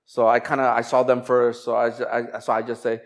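A man preaching as a pastor, moving from slow, emphatic scripture reading into a chatty, laughing personal story. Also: mid-range voice. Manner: conversational, animated storytelling with laughs and quoted voices.

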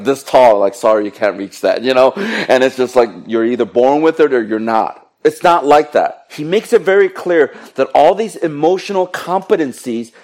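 Middle-aged male preacher, lively and joking, talks straight to the congregation. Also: medium pitch. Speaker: pastor. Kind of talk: sermon.

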